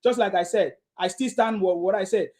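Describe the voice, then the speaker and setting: A man's voice: sits high, normal speed, darkish tone. A man hosting a heated live talk room, lecturing listeners in a repetitive, confrontational way.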